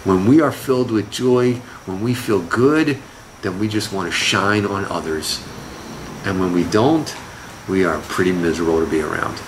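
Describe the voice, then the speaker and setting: A man teaching a scripture lesson as a rabbi, talking with his class in a lively, conversational way. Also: deep voice, normal speed, slight background noise, poor audio. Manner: lively, conversational, laughs with students.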